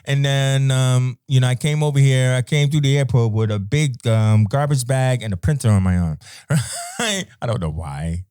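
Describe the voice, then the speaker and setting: A man's voice: mid-range voice, lively intonation, normal speed, darkish tone, clear, resonant tone, no room sound, clean studio sound. A middle-aged American man from New York, telling laid-back stories with frequent laughter as a podcast guest. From United States. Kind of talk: casual chat.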